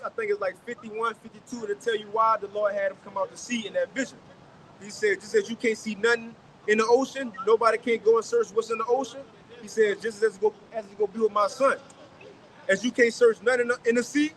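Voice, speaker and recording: A man's voice: extremely high pitch, fairly bright tone, low-quality recording. A man leading a street teaching, explaining scripture emphatically and checking in with his listeners. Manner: emphatic, keeps asking "you got it?". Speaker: lead teacher. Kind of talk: street preaching, interpreting scripture.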